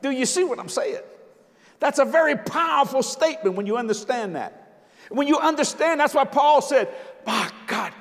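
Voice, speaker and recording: An older man preaches in a strikingly high voice, joking with the crowd and hammering his points home with sudden shouts. His words ring out with a long reverb, as if recorded across a large church hall. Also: animated, normal speed. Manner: emphatic, jokey preaching with sudden shouted lines. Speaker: visiting preacher. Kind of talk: sermon.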